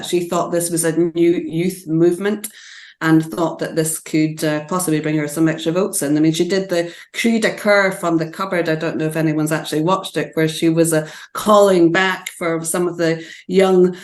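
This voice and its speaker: A woman speaking as a guest in a casual interview, her voice fairly low for a woman. She talks hesitantly, pausing often with "uh" between thoughts. The recording has a roomy echo around her. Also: steady tone. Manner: hesitant, with many uh fillers. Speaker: campaigner guest. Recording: echoey room.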